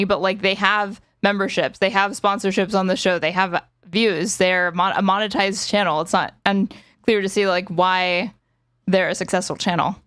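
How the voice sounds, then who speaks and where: A woman's voice: medium pitch, fairly bright tone, clean tone, no room sound, clean studio sound. A young woman streaming casual commentary, sarcastic and often laughing.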